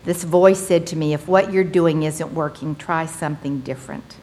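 A middle-aged woman tells her recovery story to a meeting, earnest and folksy with animated bursts. Her voice sits on the low side for a woman. A faint noise runs under the recording. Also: normal speed. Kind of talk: personal testimony talk to a meeting.

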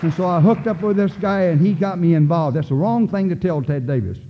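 A man's voice: sits high, brisk. An older man speaking at a recovery meeting, telling his story in a folksy, plain-spoken way. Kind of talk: personal testimony talk. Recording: tinny phone-like sound in an echoey hall.

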